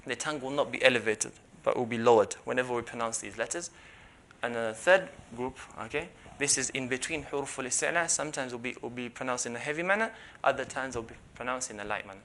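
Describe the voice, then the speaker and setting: A man teaching a lesson on letter pronunciation, explaining patiently and repeating syllables loudly to demonstrate. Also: medium pitch, a little hiss or hum. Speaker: Quran recitation teacher.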